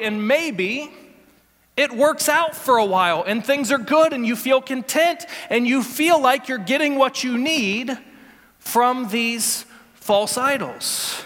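Guy pastor preaching, high voice, gets loud n emphatic, big hall echo. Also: slow. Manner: animated preaching, rising to emphatic peaks. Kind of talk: sermon.

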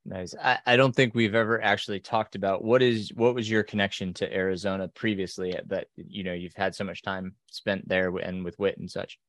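A man with a fairly low voice hosts a relaxed podcast interview, asking questions in an easy, conversational way. He laughs readily along with his guests, and his voice sounds dry and close, with no room around it. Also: a little fast, hardly any pauses, dry recording. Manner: laughs often while listening. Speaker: podcast host. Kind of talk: casual interview chat.

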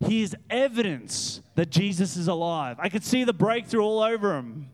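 A man preaching a lively, animated sermon in church as guest pastor. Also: high-pitched, normal speed. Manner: animated, laughing, acts out voices. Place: church hall with congregation.

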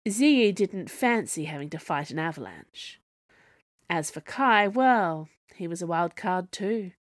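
A woman author narrating her own serialised fiction in a measured storytelling manner. Her voice sits a little low, and the recording is dry and close with no room sound. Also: sing-song, dry recording. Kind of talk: scripted narration.

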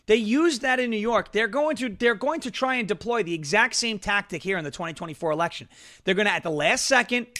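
High, bright-voiced combative male host. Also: fast. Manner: combative, sarcastic, ranting. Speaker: political talk show host. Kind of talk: political commentary livestream.

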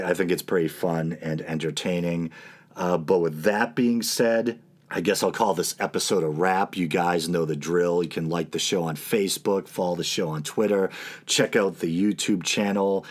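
A man with a New England accent hosting a solo podcast, talking casually and wryly, with frequent "uh" fillers. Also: low-pitched. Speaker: podcast host.

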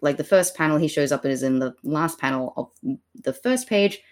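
A woman with a low voice talks a little fast as she co-hosts a podcast. She chats with amusement about a comic, using lots of fillers in this casual discussion.

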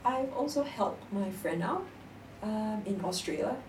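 A woman's voice: medium pitch, measured pace. Young woman chatting in an echoey room. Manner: animated storytelling, laughs often. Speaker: guest. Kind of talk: casual chat. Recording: echoey room, distant mic, faint noise.

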